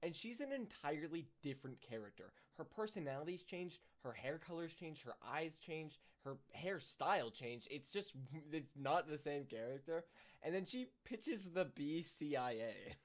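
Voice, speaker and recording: A man's voice: fairly high pitch, big pitch swings, normal speed. Sarcastic man reviewing a movie. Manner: dry, sarcastic, with hesitations. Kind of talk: casual commentary.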